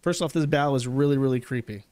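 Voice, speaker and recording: A man's voice: mid-range voice, fast, darkish tone, no echo. Male host, sarcastic swearing commentary, dry recording. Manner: sarcastic, profane. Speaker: show host. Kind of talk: casual commentary rant.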